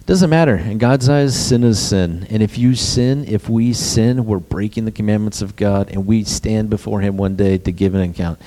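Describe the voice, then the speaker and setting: Male pastor, mellow warm tone, preaching a sermon with rhetorical questions. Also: lowish voice, moderate pace, few pauses.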